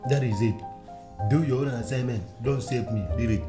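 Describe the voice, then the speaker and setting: A man in a comic film scene, explaining at length and begging loudly while stammering. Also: mid-range voice, a little fast, echoey room, music in the background. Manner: pleading, stammering, loud.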